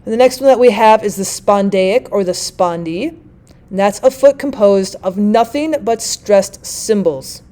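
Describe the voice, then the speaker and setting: Speaking in a warm, mid-range voice, a woman explains a lesson in an orderly way. She reads the examples at a slow pace.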